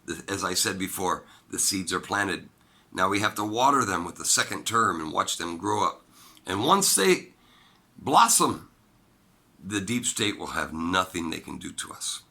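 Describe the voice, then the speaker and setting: A man talking alone into the mic, giving a political opinion monologue in an emphatic way, jumping from loud high bursts to low quiet asides. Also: big pitch swings, unhurried, vocal fry. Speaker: political commentator.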